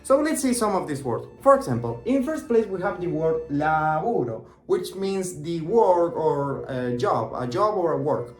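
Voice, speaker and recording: A man from Argentina with an Argentine Spanish accent, teaching an online language lesson in English and patiently repeating example words slowly. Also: a little high, animated. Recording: roomy echo with faint music.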